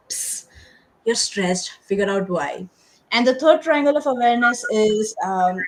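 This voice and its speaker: A woman's voice: medium pitch, a little hiss or hum, rough recording. A woman guest speaker, a stress coach, answering interview questions in an earnest, reflective storytelling way.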